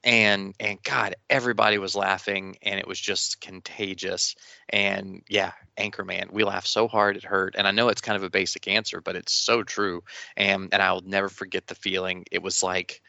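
Gravelly-voiced man in casual chat. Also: sits low, normal speed, no room sound, muffled recording. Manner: animated storytelling, frequent restarts.

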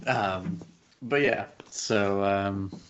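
A man's voice: lowish voice, steady tone, very slow. A man co-hosting a podcast, chatting casually and rambling a little with self-deprecating asides, close to the microphone. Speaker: podcast co-host. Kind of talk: casual chat. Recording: slightly dull lo-fi podcast audio.

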